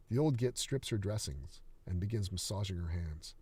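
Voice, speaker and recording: A man reading a screenplay aloud, scene headings and action alike. His voice sits low and sounds husky, and his reading is steady and dramatic. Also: moderate pace.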